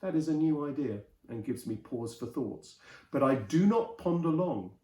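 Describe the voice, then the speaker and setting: A man reading an old novel aloud in a lively storytelling manner, his voice mellow and warm. The recording is roomy, with a clear echo around him. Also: mid-range voice, moderate pace. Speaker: host and reader.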